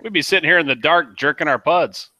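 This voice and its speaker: A man hosting a casual chat among friends, profane and quick to laugh. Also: a little high, sharp tone, no room sound. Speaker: podcast host.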